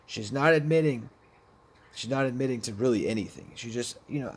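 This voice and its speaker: Speaking fairly quickly, this man has a mid-range voice with a breathy edge. He shares his own addiction experiences as recovery-style storytelling, bluntly and with plenty of profanity, often starting over mid-thought.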